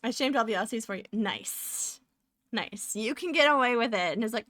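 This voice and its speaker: A woman's voice: a little high, animated, moderate pace, fairly bright tone, dry recording, studio quality. A woman live streaming as she draws, chatting casually and rambling as she narrates her work and often laughs. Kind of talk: casual chat while drawing live.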